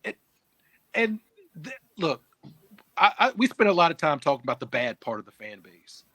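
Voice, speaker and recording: A man's voice: a little high, big pitch swings, moderate pace, fairly bright tone, no echo. A middle-aged man co-hosting a casual sports chat, earnest, often restarting his sentences. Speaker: sports show co-host.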